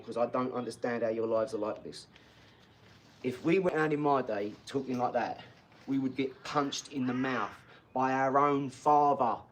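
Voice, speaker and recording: Slight background noise sits under this mid-range male voice. He's in his 40s, casually chatting on a livestream, replying to viewers bluntly with plenty of swearing and frequent laughter.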